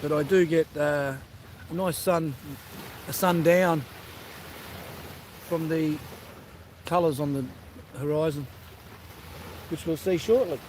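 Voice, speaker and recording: High-voiced man chatting outdoors. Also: steady tone, takes it slowly, pauses often, darkish tone, slight background noise. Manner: chatty, greets viewers by name. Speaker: livestream host. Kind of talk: casual chat with live viewers. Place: outdoors by the sea at sundown.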